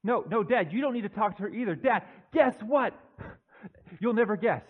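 A man preaching, acting out young Joseph as an excited young man who stammers and gushes into a phone call to his dad. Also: high-pitched, moderate pace, voice pushed up. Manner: breathless, stammering, gushing. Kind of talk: dramatized monologue in a sermon.

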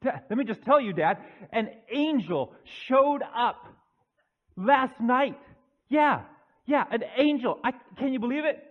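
A man preaching, acting out young Joseph as an excited young man who stammers and gushes into a phone call to his dad. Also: very high-pitched, a little slow, pitched above the performer's own voice, heavily acted. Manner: breathless, stammering, gushing. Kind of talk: dramatized monologue in a sermon.

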